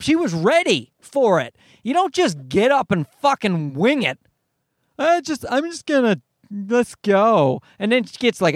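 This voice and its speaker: Brief: male podcast host, high register, exasperated profane rant, dry recording. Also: no echo. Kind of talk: ranting commentary.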